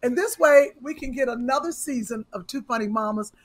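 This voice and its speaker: A woman's voice: fairly high pitch, brisk, husky. A woman hosting a podcast, chatting casually, telling stories animatedly and teasing her co-hosts. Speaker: podcast host. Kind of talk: casual chat.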